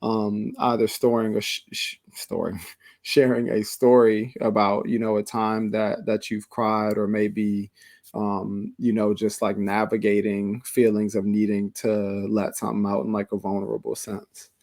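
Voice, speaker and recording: A man hosting a podcast, asking questions in a measured, thoughtful way with many pauses and fillers. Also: fairly low pitch, level tone, darkish tone, no echo. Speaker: podcast host. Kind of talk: casual interview.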